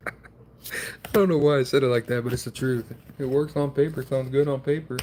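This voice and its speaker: A man's voice: medium pitch, fairly even intonation, a little slow, darkish tone, slight background noise. A man streaming himself opening trading card packs, chatting in a rambling, wry, self-deprecating way.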